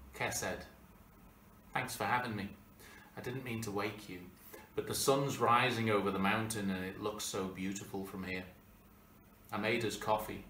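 A man with a lowish voice reads spoken word poetry in a quiet, sing-song manner. He sounds distant from the mic, in a roomy, echoing space. A faint ambience sits underneath. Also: a little hiss or hum.

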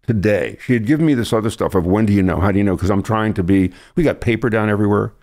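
Low gravelly male guest telling stories. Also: rapid-fire, darkish tone. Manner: rambling, emotional storytelling. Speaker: podcast guest, radio broadcaster. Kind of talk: casual conversation.

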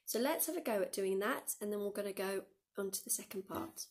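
A woman's voice: medium pitch, lively intonation, a little fast. A woman, a school music teacher recording a lesson for her pupils, who counts them in and sings the lines to show how they go. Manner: encouraging, counts pupils in and demonstrates by singing. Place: dim room.

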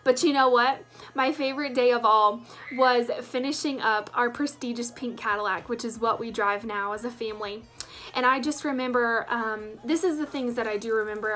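A woman's voice: fairly high pitch, a bit bright. A woman, telling her story as a sales director with enthusiastic emphasis. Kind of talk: personal testimonial.

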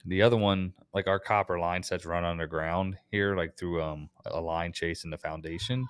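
A man's voice: low voice, steady tone, moderate pace, clean tone, dry recording, studio quality. An American man co-hosting a podcast, chatting casually and telling work stories, swearing freely. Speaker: podcast co-host, HVAC technician. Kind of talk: casual chat.

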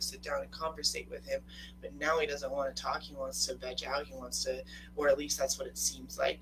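A woman's voice: low voice, a bit bright, slight background noise, low-quality recording. Chatty young woman coaching on a live stream. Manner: chatty, emphatic, swearing. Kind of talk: casual live-stream talk.

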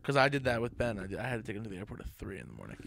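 A man's voice: on the low side, very animated, rapid-fire, gravelly, fairly bright tone. A young man hosting a podcast, tipsy and rambling in an easygoing late-night chat. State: drunk. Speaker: podcast host.

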